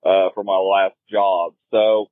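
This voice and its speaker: A man with a Southern US accent, a caller telling a laid-back, deadpan story in a voicemail. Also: deep voice, takes it slowly, no room sound. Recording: muffled voicemail recording.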